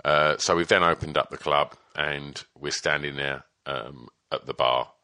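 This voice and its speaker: A man's voice: a bass voice, steady tone, a little slow, sharp tone, clear, resonant tone. A man casually telling a story about his band days, swearing freely and laughing as he goes. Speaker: storyteller guest, former band member. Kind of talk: casual anecdote.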